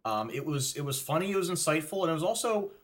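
A man co-hosting a casual podcast, thoughtful but halting, often repeating words as he gathers his thoughts. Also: fairly high pitch, lively intonation. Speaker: podcast co-host. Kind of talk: casual chat.

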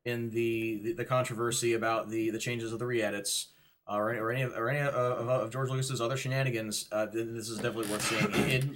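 Man, mid pitch, stumbling and repeating words, casual podcast talk. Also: level tone, a bit bright, slight background noise. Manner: halting, repeats words, thoughtful. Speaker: podcast co-host. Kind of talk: casual chat.

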